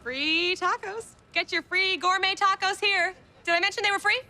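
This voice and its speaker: An actress playing a pushy caterer in a sitcom, handing out free tacos. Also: female voice, extremely high pitch, fairly even intonation, moderate pace. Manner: pushy and exasperated. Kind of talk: sitcom acting. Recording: background noise.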